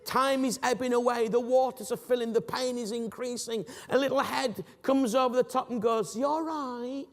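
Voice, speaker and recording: A man giving a Christian teaching talk, animated and jokey, acting out scenes for his listeners. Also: very high-pitched, normal speed, hardly any pauses. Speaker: Christian speaker. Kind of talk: teaching talk with acted illustrations. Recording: long reverb of a hall.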